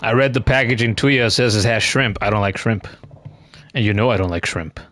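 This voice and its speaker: A man's voice: on the low side, brisk, fairly bright tone, soft background music. A man streaming a video game, chatting casually with frequent stammers and restarts. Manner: rambling, stammering restarts, swears. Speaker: gameplay streamer. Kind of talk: casual let's-play commentary.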